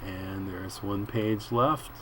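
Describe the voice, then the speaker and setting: A man reading a comic book aloud and musing over the panels in an unhurried way, with frequent filler words. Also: fairly low pitch, fairly even intonation, bright, forceful tone, slight background noise. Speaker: comic book reader and commentator.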